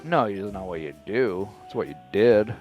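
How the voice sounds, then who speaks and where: A man hosting a stream, talking in a lively, chatty way. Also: lowish voice, moderate pace, dull audio, faint music behind. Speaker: streamer host. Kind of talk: casual chat.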